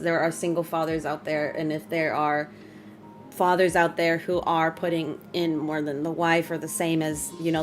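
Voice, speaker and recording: A young woman hosts a live stream and chats freely with her viewers. Her voice sits a little low, and she is warm in tone, quick to laugh and openly emotional. Faint background music plays throughout. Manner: chatty, emotional, laughs often. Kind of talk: casual live-stream chat.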